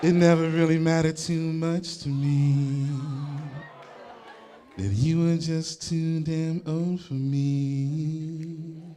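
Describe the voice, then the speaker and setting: A man's voice: a little high, steady tone, takes it slowly, mellow, faint music behind. A man performing explicit spoken word poetry live on stage, mixing song and banter with the crowd. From Oakland.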